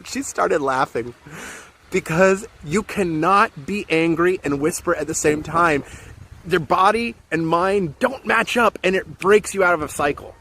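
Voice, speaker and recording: Male relationship coach with a bright, forceful voice and an earnest, encouraging delivery that hammers home each step; recorded outdoors with faint noise behind. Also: high-pitched, measured pace. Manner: earnest, encouraging, repeats key points. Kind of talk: motivational coaching talk to camera.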